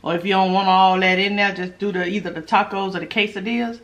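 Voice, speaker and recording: A woman's voice: medium pitch, steady tone, fast talker, fairly bright tone, lo-fi sound. A woman hosting a mukbang eating show, chatting casually to her viewers between bites and laughing often. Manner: chatty, giggly, talks to viewers while eating. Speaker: mukbang host.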